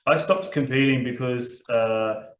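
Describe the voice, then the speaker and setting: A man's voice: medium pitch, unhurried. Wry co-host man in an echoey room. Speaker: podcast co-host. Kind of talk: casual chat.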